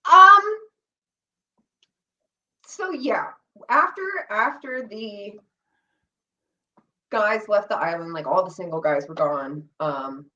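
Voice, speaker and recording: A woman's voice: fairly low pitch, slow, sharp tone. A young woman chats candidly in an interview, slipping into quoted asides and swearing freely as she tells her story. She sounds a little off-mic, and the audio is dull and lo-fi. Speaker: reality show contestant guest. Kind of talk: casual chat. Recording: slightly distant, dull lo-fi audio.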